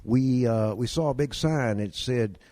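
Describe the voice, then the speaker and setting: In an unhurried, warm, mid-range voice, a Kentucky man tells folksy tales as a guest, recorded without room sound. His drawling delivery includes acting out the voices of his stories' characters.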